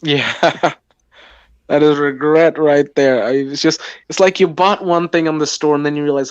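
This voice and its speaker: A man as a guest on a casual roundtable chat, reacting with loud jokes and laughter. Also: on the high side, steady tone, normal speed, smooth, dry recording, highs cut off. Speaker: panel guest.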